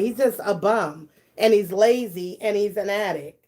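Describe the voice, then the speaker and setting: A woman's voice: fairly high pitch, expressive, moderate pace, a little mellow. A woman hosting a live stream, reading her chat aloud and gossiping bluntly and profanely, laughing often and talking straight to her viewers. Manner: talks directly to her viewers. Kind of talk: casual live-stream commentary.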